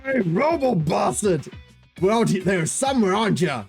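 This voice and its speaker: A man doing a hot-headed young guy yelling. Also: high voice, big pitch swings, normal speed, vocal fry, husky, faint music behind, voice pushed up, exaggerated voice. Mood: angry. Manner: yelling loudly at the ceiling.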